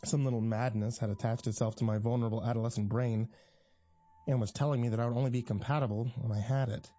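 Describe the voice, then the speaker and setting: A man narrating a first-person horror story in a tense, measured way. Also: mid-range voice, fairly even intonation, warm tone, highs cut off.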